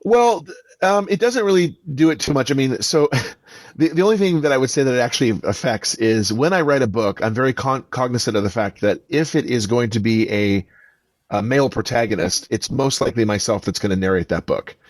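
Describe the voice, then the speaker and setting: A man's voice: medium pitch, lively intonation, fairly quick, no echo. A man who is an author and voice actor, telling stories emphatically as a podcast interview guest.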